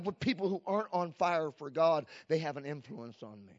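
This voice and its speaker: A man preaching a fervent sermon as pastor, calling out "come on" to the church and swinging between shouts and hushed lines. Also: a little high, expressive, normal speed, dry recording. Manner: fervent preaching with repeated "come on" call-outs. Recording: dull lo-fi, dry sound.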